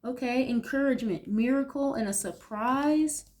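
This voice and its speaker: A woman's voice: high voice, normal speed, a little mellow. A young woman doing a casual tarot reading, reacting aloud to each card with blunt, profane commentary. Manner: blunt, swears freely, reacts aloud to the cards. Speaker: tarot reader.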